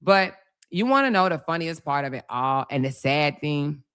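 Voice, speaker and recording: A woman talks loosely to her livestream audience, bright and clear in tone. She is sassy and chatty, laughing often and calling everyone baby and y'all. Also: low-pitched, lively intonation, moderate pace. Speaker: livestream host. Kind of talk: casual live chat, reading comments.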